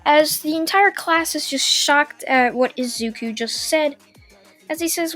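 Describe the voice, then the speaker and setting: High, slow-talking young woman storyteller. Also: fairly bright tone, faint music behind. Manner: run-on, with filler pauses. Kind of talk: casual fan-fiction narration.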